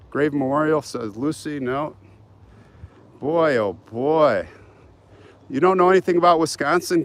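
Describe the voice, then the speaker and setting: A middle-aged man hosting a live cemetery walk outdoors, reading chat guesses aloud and teasing viewers with hot and cold hints. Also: on the high side. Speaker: channel host.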